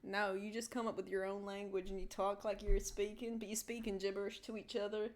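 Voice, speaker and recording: A woman's voice: mid-range voice, level tone, fairly quick. Giggly woman streamer chatting. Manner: giggly, playful, teasing. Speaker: livestream host. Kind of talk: casual chat while gaming.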